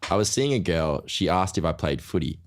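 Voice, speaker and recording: Deep-voiced young man. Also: lively intonation, fairly quick, a little hiss or hum. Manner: reads aloud with laughs. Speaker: podcast co-host. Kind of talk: casual chat, reading listener stories.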